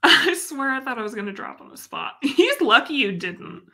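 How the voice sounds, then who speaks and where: A young woman hosts a casual live stream, talking in an expressive, chatty way and laughing often. Her voice is bright and a little high, with a clear and forceful tone. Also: normal speed. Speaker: livestream host.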